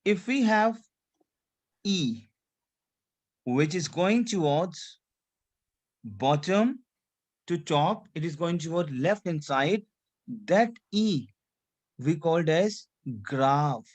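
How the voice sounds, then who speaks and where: A man's voice: fairly high pitch, lively intonation, takes it slowly, pauses often. Man drilling students in a language class. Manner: repetitive drilling, asks students to repeat; drops French checks like "c'est clair" into English. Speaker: French teacher.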